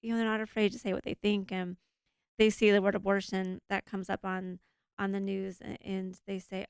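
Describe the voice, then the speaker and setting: A woman talking earnestly and deliberately as a guest in a heartfelt interview. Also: mid-range voice, flat delivery, vocal fry, smooth, dry recording, studio quality.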